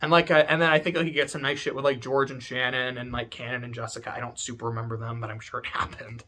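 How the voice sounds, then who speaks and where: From his home room, the video essay host rattles through a story fast in a medium-pitched, pushed and bright voice with little pitch movement. The commentary is casual and meandering, loaded with swearing, fillers and lots of "like."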